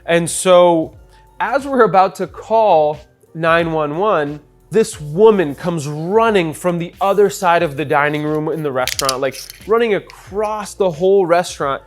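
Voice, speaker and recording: A young man, a bartender telling a story in a casual, animated way while making a cocktail. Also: a little high, unhurried, soft background music. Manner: chatty, animated storyteller with many fillers.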